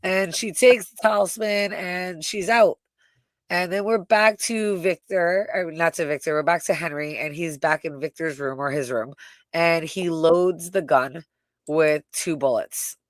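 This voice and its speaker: Woman doing a casual animated TV recap. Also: fairly low pitch, measured pace, no room sound, studio quality. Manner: animated retelling with frequent "like" and "right?", swears casually. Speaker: co-host reviewing a TV episode. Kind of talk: casual live recap chat.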